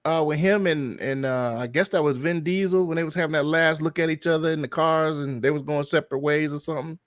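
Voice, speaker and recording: A man co-hosting a podcast in casual chat, excitable, often repeating words in quick bursts. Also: a little high, no echo, studio quality. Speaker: podcast co-host. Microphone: remote call microphone.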